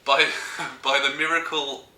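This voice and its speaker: Guy, comic storyteller, keeps cracking up, very bright voice, echoey room. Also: on the high side, little pitch movement, measured pace. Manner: giggly, keeps breaking into laughter.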